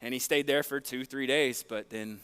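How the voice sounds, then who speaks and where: A man preaching, telling a long, animated, self-deprecating story with lots of fillers in a church. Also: medium pitch, normal speed, smooth. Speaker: pastor. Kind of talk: sermon storytelling. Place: church sanctuary.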